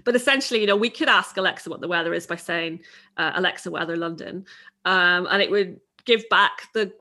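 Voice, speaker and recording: A woman's voice: mid-range voice, brisk, pushed and bright. A woman author being interviewed, chatting casually and laughing often. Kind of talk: casual conversation.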